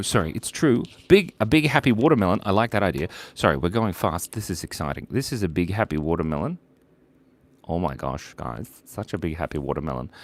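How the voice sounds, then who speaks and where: A playful man chatting casually while drawing on a live stream, reading out viewers' requests. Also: lowish voice.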